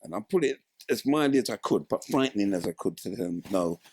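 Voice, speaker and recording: A man's voice: lowish voice, brisk, a little hiss or hum. A man, telling his story in a casual interview and acting out the voices of people in it. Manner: animated, acts out voices in his stories. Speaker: interview guest, former footballer.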